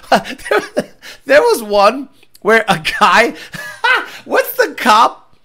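A man's voice: very high voice, huge pitch swings, drawn-out words, pushed and bright. A man hosting a casual reaction video, rambling and joking in a crude, profane way. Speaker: host.

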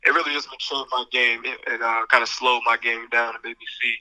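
A man, a basketball player, answering interview questions in a relaxed way with many fillers. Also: medium pitch, brisk, no echo, low-quality recording.

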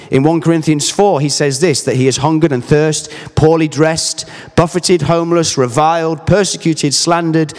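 A man's voice: medium pitch, a little mellow, long reverb tail. A man in his thirties preaching a sermon, earnest and emphatic, mixing scripture with personal stories. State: briefly emotional.

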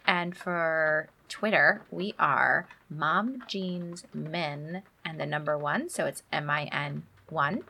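A woman's voice: sits low, slow, vocal fry, hardly any pauses, pushed and bright, breathy edge. A woman in her thirties co-hosting a podcast, telling a story in a chatty, laughing way. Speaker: podcast co-host. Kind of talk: casual chat.

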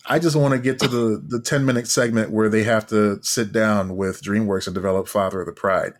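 A man's voice: lowish voice, fairly even intonation. A man co-hosting a podcast in loose, casual chat. His talk is wry and meandering, and he drops a swear word now and then for emphasis. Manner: wry, profane, drawn-out musing. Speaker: podcast co-host.

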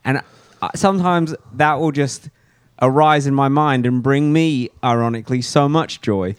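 A man guesting on a casual podcast, telling stories quickly with amused delight. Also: medium pitch, clear, resonant tone, no echo, clean studio sound.

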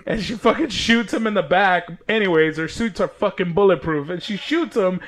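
A man with a high voice speaks at normal speed while co-hosting a casual comic book podcast. He retells the plot with acted-out quotes and plenty of swearing, recorded on a headphones-and-mic setup.

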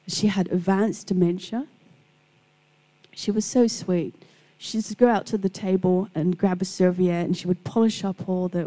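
Gravelly-voiced woman giving a devotional talk. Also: mid-range voice, rough recording. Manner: warm storytelling, acts out quoted people. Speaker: Christian speaker. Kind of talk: devotional talk with personal stories.

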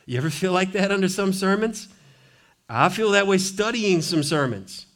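A male pastor preaching a sermon in a church. He is animated and conversational, with playful asides and sudden drops to a hushed intensity. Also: high-pitched, normal speed. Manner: animated, swings from loud emphasis to hushed intensity. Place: church sanctuary.

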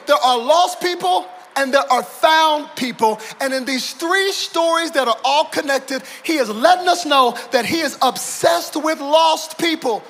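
A middle-aged male pastor preaching a sermon to a church audience, moving between quiet storytelling and shouted, emphatic preaching. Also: extremely high pitch, measured pace, hardly any pauses, slight background noise. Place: church auditorium.

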